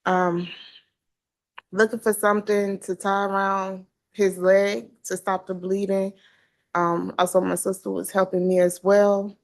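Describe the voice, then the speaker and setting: A woman testifying as a witness in court, answering briefly with hesitant pauses. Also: medium pitch, little pitch movement. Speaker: trial witness.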